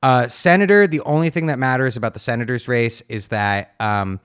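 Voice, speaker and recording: Smooth-voiced man streaming, blunt and profane. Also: mid-range voice, fairly quick, fairly bright tone. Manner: profane, emphatic, rambling with many fillers. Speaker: streamer host. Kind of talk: casual reaction stream commentary.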